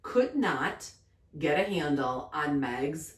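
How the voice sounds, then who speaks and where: A woman's voice: low-pitched, expressive, slow, reverberant, recorded from a distance. A woman co-hosting a casual podcast, telling stories in a chatty way and acting out the quotes. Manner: chatty storyteller, acts out quotes with laughter. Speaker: podcast co-host. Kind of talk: casual chat.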